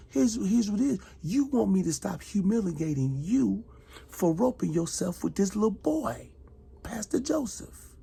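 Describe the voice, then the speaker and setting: A middle-aged man, a retired soldier, delivering a heated, accusatory monologue aimed at one person, repeating himself and swinging between loud outbursts and hushed asides. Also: sits high, sing-song, measured pace, creaky, slight background noise.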